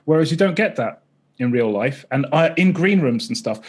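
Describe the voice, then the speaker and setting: Excitable husky guest in his thirties, lively pitch, rambling anecdotes. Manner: excitable, rambling, oversharing, quick tangents. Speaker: podcast guest, streamer and former stand-up comic. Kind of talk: casual interview chat.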